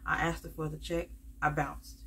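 Low-voiced rambling woman vlogger. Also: little pitch movement, normal speed, pushed and bright, a little hiss or hum. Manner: rambling, many fillers, calls viewers "y'all". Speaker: budgeting vlogger. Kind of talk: casual chatty vlog to viewers.

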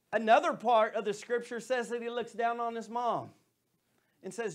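High-voiced, animated male pastor preaching. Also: moderate pace. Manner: animated preaching, swings from loud to soft. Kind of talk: sermon. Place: church.

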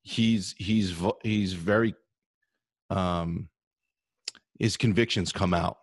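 A man hosting an interview, asking questions haltingly with many restarts. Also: deep voice, fairly even intonation, dry recording, clean studio sound. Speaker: interview host.

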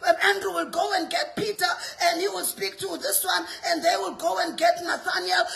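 A middle-aged South African woman delivering a fiery sermon, her voice pitched very high with a gravelly edge. She exhorts her listeners through pointed rhetorical questions, and her tone stays bright and forceful. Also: little pitch movement, normal speed. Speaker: prophet and preacher.

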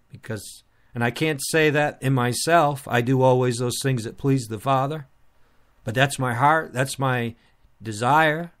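A man's voice: fairly high pitch, lively intonation, normal speed, fairly bright tone. A man preaching a sermon in an earnest, repetitive style, restarting phrases as he presses his point.

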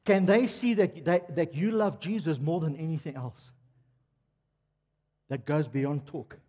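A little high, a little slow and mellow with a breathy edge, an older man's voice carries his sermon through a church hall's long reverb. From South Africa, he talks directly to the congregation and fires off rhetorical questions.

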